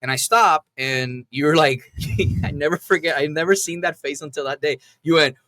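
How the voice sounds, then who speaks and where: A man with a fairly high voice tells war stories in a loose, profane way. He shouts out the lines other people said and then drops back to a normal voice. He is recorded close up in a dry room. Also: normal speed, no room sound. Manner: animated, acts out yelled quotes. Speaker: veteran telling war stories. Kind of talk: casual storytelling with profanity.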